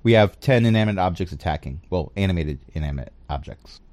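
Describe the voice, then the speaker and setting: A man narrating a tabletop game as game master, pausing often with fillers. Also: deep voice, animated, a little mellow. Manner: hesitant, with many fillers.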